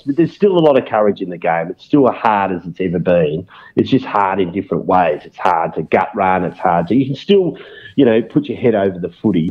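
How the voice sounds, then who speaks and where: Measured Australian man, slightly muffled. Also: on the low side. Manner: measured, steers the talk to the next topic. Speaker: co-host of a football podcast. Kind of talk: casual sports chat. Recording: slightly dull lo-fi audio.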